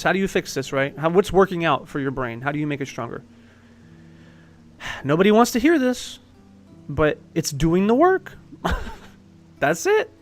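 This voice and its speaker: A man talking as a life coach in a casual monologue, blunt and swearing, often laughing as he makes his points. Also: high-pitched. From Italian heritage.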